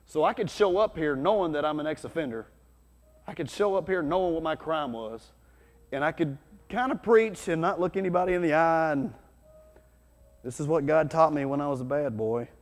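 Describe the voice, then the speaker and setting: A man preaching a sermon as pastor, conversational and energetic, with sudden loud bursts. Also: on the high side, normal speed. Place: church hall. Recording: long hall reverb.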